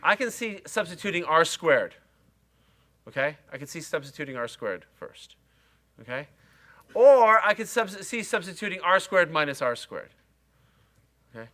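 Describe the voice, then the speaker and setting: Middle-aged man, university lecturer, bright tone, fairly high voice, chatty and self-mocking, live lecture hall. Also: very animated, moderate pace, long pauses. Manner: chatty, self-mocking, talks to students directly.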